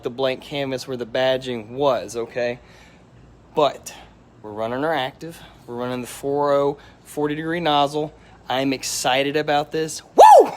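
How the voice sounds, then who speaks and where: A middle-aged man hosting a live stream, hyped and energetic, greeting viewers by name and repeating himself as he talks. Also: medium pitch, slight background noise. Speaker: auto detailer hosting a livestream.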